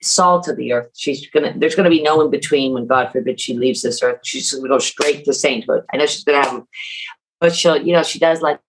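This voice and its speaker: A middle-aged woman talking casually as an author and guest on a podcast, animated and acting out family quotes. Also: extremely low pitch, a little fast, rough recording.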